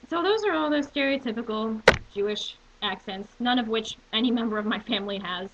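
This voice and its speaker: A woman's voice: a little high, fairly quick. Rambling woman on a muffled webcam. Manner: rambling, full of fillers and restarts, clears throat often. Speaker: video blogger. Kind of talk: casual webcam monologue. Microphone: webcam microphone. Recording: muffled webcam audio with faint hiss.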